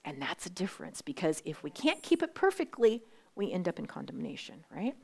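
A woman in her sixties giving a faith talk to a live group, speaking in an animated, conversational way and often dropping to a whisper for emphasis. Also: fairly low pitch, brisk, creaky, breathy edge. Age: 60s. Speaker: women's Bible study speaker.

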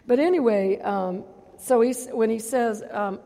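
A woman pastor preaching a sermon, calling out for amens and swinging between loud and hushed delivery. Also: on the high side, a little slow, big-room sound.

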